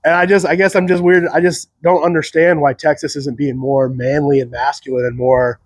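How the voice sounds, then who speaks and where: A man's voice: a little high, steady tone, normal speed, breathy edge, no echo. Guy doing a sarcastic solo rant, rambly, lotta "like", chuckles, dry mic. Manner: sarcastic, chuckling, mocks others in put-on voices; rambling, frequent "like" fillers. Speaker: podcast host.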